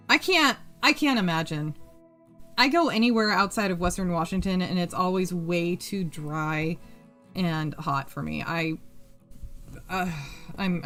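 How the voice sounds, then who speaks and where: A woman's voice: fairly low pitch, fairly bright tone. A woman hosting a casual craft live stream, reading chat aloud, laughing often and swearing freely as she works. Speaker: streamer and host.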